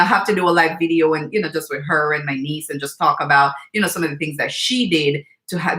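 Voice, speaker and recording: Candid, filler-heavy woman host of a nutrition live stream, clear bright tone, echoey room. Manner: chatty, candid, many fillers like "you know" and "like", reads out viewer comments; animated when quoting her niece, jumping high in pitch. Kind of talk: casual live-stream chat with viewers.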